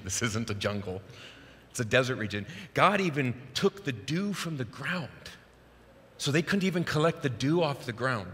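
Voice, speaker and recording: Bright-voiced pastor preaching casually. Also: male voice, mid-range voice, in a large hall. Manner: casual, conversational, animated. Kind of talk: sermon. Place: church sanctuary.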